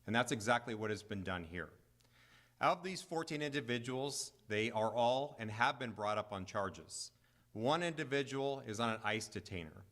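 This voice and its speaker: A man serving as county attorney addresses a press conference. He speaks in an even middle pitch, firm and emphatic, stressing and repeating his points. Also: moderate pace.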